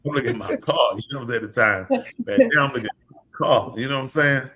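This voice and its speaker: A male preacher hosting a live talk show, telling stories in a lively way and acting out the voices of the people he quotes. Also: medium pitch, fast, crowd noise. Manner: lively storyteller who acts out quoted voices. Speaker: podcast host and preacher. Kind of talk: casual storytelling chat.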